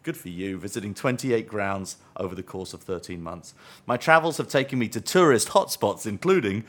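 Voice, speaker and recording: A man hosts a podcast and reads listener letters aloud with dry, wry humor. His voice sits on the low side, and he laughs easily between lines. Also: animated, a little fast, fairly bright tone, a little hiss or hum. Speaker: podcast host. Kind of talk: casual banter and reading listener mail.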